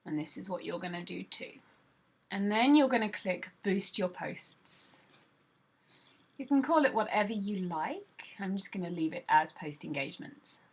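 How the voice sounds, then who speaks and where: A British woman who leads a sales team walks viewers through a screen-recorded tutorial, chatty and instructive, pausing to think with the occasional "um". She speaks at normal speed with a husky, medium-pitched voice and lively intonation.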